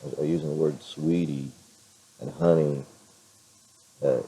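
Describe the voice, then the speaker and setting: A middle-aged man chatting in a casual vlog with a hoarse, raspy voice, rambling with many fillers and restarts. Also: a bass voice, level tone, measured pace, mellow, rough recording. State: clears throat now and then. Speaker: vlogger.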